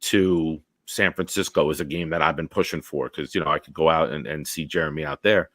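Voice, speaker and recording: A man hosting a casual livestream chat, telling rambling, excitable stories. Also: rumbling low, fairly quick, no room sound. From Northeastern US. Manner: rambling, excitable storyteller who swears casually. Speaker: host.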